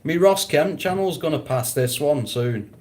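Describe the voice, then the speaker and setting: With a high-leaning, animated yet unhurried and slightly mellow voice, a man runs a relaxed livestream. He goes through viewer comments, swearing and laughing frequently.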